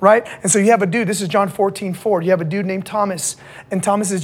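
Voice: medium pitch, fairly even intonation, quick pace, breathy edge. A pastor preaching to young people in a casual, slangy way, checking in with the audience again and again.

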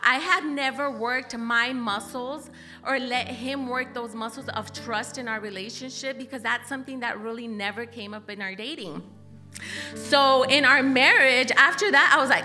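High, bright-voiced woman telling a lively story. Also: measured pace, soft background music. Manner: animated, laughing storyteller with many "like"s and "okay?". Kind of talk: storytelling in casual talk.

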